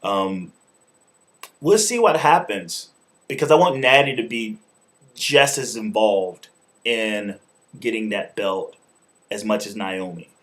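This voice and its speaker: A man with a fairly low voice talks straight to the camera in a casual review. He is loose and informal, with everyday slang and the odd curse word. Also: a bit bright. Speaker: show host and wrestling reviewer. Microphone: camera mic, talking to camera.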